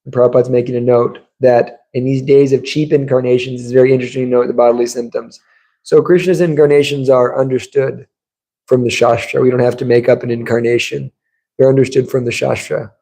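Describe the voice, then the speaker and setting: A man's voice: mid-range voice, little pitch movement, a little fast, gravelly, warm tone, poor audio. A man giving a scripture class in a temple, telling stories in a casual conversational way. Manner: conversational storytelling, acts out quotes. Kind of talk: sermon. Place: temple room.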